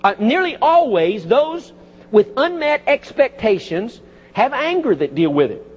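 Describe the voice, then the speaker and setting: A pastor preaching a sermon, with lively emphasis and folksy asides, recorded in a church. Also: male voice, very high-pitched, a little slow, breathy edge. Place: church sanctuary. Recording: dull audio with long church reverb.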